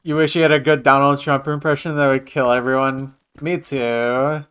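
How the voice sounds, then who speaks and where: A man's voice: mid-range voice, little pitch movement, normal speed, a bit bright, clean tone. A man streaming a game live, joking casually with his viewers. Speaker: livestreamer. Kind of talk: casual gaming livestream chat.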